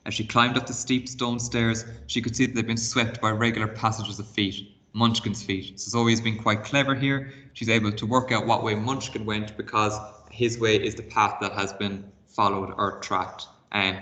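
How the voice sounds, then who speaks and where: Male teacher, story read-aloud for children, lowish voice, bright clear tone, explains as he goes. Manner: expressive read-aloud, pausing to explain words and give reading tasks. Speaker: primary school teacher. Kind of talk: reading a novel aloud for a class video lesson.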